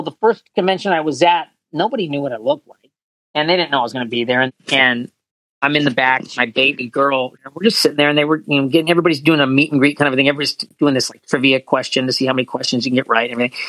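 A man's voice: fairly high pitch, steady tone, fast talker, fairly bright tone, dry recording, low-quality recording. A man, a voice actor, chatting in an interview, rambling and earnest with many restarts. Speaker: voice actor guest. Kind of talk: casual interview chat.

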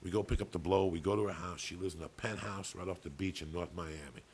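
A man's voice: sits low, fast talker, darkish tone, a little hiss or hum. A man co-hosting a podcast, telling a long story in a casual, profane, rambling way. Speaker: podcast co-host.

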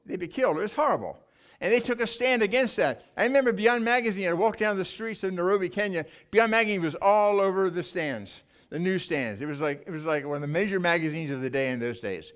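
An older male preacher with a notably high voice, telling a sermon through lively, emotional stories from the pulpit. He talks with many restarts and rising feeling, addressing a church congregation. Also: quick pace. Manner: animated, emotional storytelling with restarts. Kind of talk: sermon storytelling.

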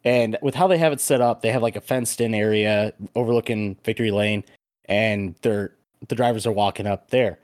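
A man hosting a podcast, telling a story in a casual, animated way with plenty of swearing. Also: on the low side, fairly quick, no echo, studio quality. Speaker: podcast host. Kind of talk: casual chat.

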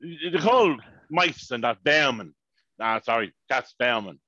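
A man, co-hosting a podcast, telling stories in an animated, swearing rant. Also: mid-range voice, unhurried, dry recording. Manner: animated, swearing, ranting storyteller. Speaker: podcast co-host. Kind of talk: casual chat. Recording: dry, dull lo-fi podcast mic.

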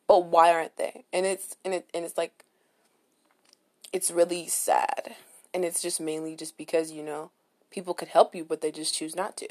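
Young woman podcasting solo, blunt and animated, swears a lot, super casual. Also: on the low side, normal speed. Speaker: podcast host.

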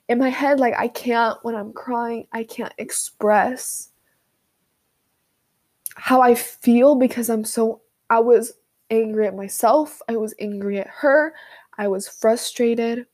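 A young woman talks through her feelings in a slow, unhurried way, pausing often and trailing off mid-thought. She sounds unscripted and halting. The recording is a phone voice memo. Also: a little high, fairly even intonation, a little mellow. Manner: halting, unscripted, with many fillers and pauses. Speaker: vlogger. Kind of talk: personal venting monologue.

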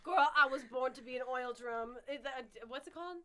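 A woman co-hosting a casual chat, with animated, giggly, profane banter. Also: high voice, brisk, noisy background. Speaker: podcast co-host.

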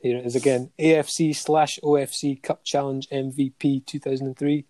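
Mellow-voiced man reading a stats list. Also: mid-range voice, little pitch movement, brisk, dry recording. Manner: listing facts steadily with many ums and chuckles. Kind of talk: casual chat, reading out a football player's honours.

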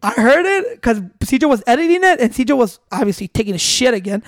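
A man hosting a podcast, telling a story in animated, swearing casual chat with Spanish words mixed in. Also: extremely high pitch, quick pace, no room sound, studio quality. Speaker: podcast host.

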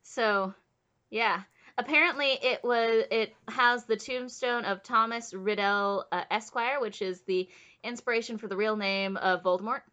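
A woman's voice: fairly high pitch, unhurried, bright, forceful tone, muffled recording. A woman hosting a podcast, chatting casually and making playful quips. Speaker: podcast host. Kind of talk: casual chat.

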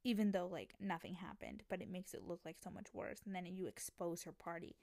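A young adult woman hosting a podcast, chatting casually and telling stories in an excitable, animated way, acting out quoted voices. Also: fairly low pitch, a little fast, gravelly, dry recording, clean studio sound. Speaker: podcast host. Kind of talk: casual chat.

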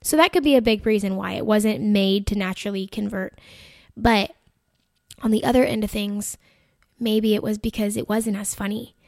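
A woman telling a personal faith story in a chatty, animated way, full of "like" and "you know". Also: mid-range voice, normal speed, creaky, no echo, clean studio sound. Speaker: Christian content creator. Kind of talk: casual faith-based storytelling.

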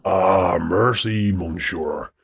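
A man's voice: a bit bright, heavily acted. A man playing a kind, courteous French village doctor in an amateur audio drama. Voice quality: very husky, slow and low. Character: kindly old-fashioned male village doctor, French. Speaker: doctor character.

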